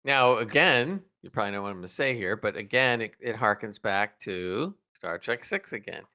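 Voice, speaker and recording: A man co-hosting a casual review podcast, enthusiastic and quick to laugh. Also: fairly low pitch, animated, sharp tone. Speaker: podcast co-host.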